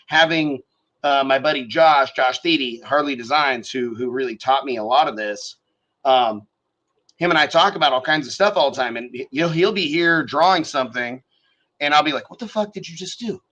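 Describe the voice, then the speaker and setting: Bright, profane man teaching software live. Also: mid-range voice, normal speed, lo-fi sound. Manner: profane, thinks aloud while working. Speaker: show host teaching design software. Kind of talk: casual live-stream tutorial.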